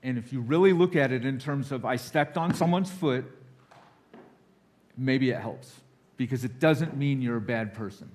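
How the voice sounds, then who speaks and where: A man speaking from a church pulpit as a guest preacher. He sounds candid and a little nervous, confessional in tone, and he slips into quick acted-out voices for the people in his examples. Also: medium pitch, darkish tone. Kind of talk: sermon. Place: church sanctuary.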